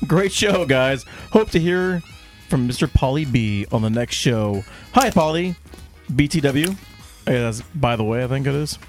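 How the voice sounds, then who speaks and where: A man's voice: medium pitch, animated, measured pace, soft background music. A man co-hosting a podcast, reading listener comments playfully in casual chat. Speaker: podcast co-host.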